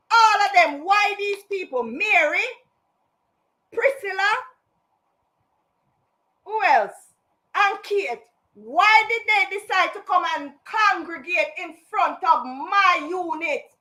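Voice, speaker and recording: A woman's voice: very high voice, pushed and bright. A woman, telling her own story on a casual live stream, indignant and emphatic, slipping into patois. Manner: slips into patois.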